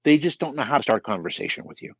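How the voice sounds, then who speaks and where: A man's voice: medium pitch, sing-song, racing, a bit bright, breathy edge, no echo. A middle-aged man giving emphatic coaching advice on a podcast, often checking in with "right?". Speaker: business coach guest.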